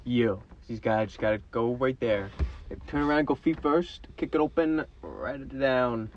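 A young man in his car, teasing his friend in a calm, offhand way and tacking "bro" onto his lines. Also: mid-range voice, measured pace, highs cut off, slight background noise. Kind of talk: casual teasing chat.

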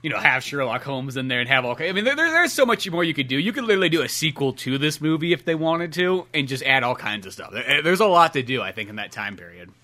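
Casting: a chatty male podcast co-host, rambling and full of fillers, very bright tone. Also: a little high, sing-song, fast talker, hardly any pauses. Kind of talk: casual chat.

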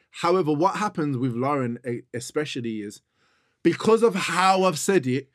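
Young man, podcast co-host, insistent and repetitive, slightly high voice, dry close mic. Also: lively intonation, moderate pace, no echo. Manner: insistent, repeats himself, talks over his partner. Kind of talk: heated casual argument.

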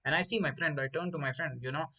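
A man's voice: on the high side, fast talker, rough recording. A young man from India, host of a casual podcast, telling crude school stories with lots of swearing and acted-out voices. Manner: profane, animated, acts out voices of others. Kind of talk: casual crude storytelling chat.

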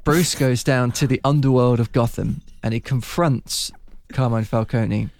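A man with a gravelly, creaky voice chats easily while recapping a film. His sound is close and dry. He keeps it loose, with laughs and quick asides. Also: mid-range voice, a little mellow, dry recording. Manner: chatty, laughing, puts on voices when quoting. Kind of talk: casual chat recapping a film.

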